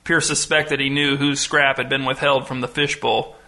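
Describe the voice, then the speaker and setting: A man narrating an audiobook story in a dry, deadpan way. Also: mid-range voice, normal speed.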